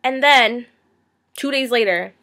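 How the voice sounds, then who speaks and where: A teenage girl vents in a casual vlog with a bright, high-pitched voice. Her tone is sarcastic and exasperated, and she drops into quick mocking impressions of other people. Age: teens. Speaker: vlogger. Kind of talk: ranting vlog monologue.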